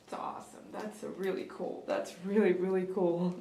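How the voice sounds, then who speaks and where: A woman's voice: on the low side, level tone, normal speed, warm tone, reverberant, slight background noise. A woman hosting a live stream, opening gifts in an emotional, tearful way and laughing often. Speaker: host of a pet grooming channel.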